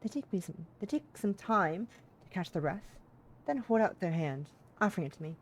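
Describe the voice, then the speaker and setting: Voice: mid-range voice, lively intonation, normal speed. A streamer reading a visual novel aloud and chatting, self-mocking and laughing often, trying out character voices.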